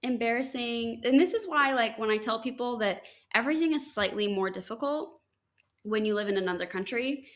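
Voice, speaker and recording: A woman's voice: on the high side, brisk. A young woman hosting a podcast, telling a story in casual chat, full of "like" and acted-out dialogue. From United States. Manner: chatty, full of "like", acts out quoted dialogue. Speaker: podcast host.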